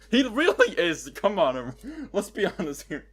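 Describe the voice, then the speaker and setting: A man's voice: high voice, wildly swooping pitch, slow pace. A man co-hosting a casual podcast, joking and teasing with a friend and swearing freely. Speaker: podcast co-host. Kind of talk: casual chat.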